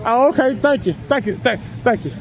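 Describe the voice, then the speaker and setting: A man's voice: extremely high pitch, expressive, a little fast, very noisy. A man filming police from a public sidewalk, talking in a brash, taunting, swearing way and laughing often. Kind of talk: casual street talk.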